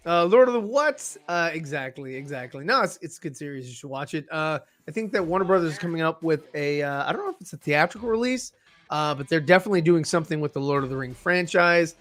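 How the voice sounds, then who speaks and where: A man's voice: fairly high pitch, lively intonation, quick pace, a bit bright. A man co-hosting a casual nerd podcast, joking, laughing often and swearing casually. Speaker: podcast co-host. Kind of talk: casual chat.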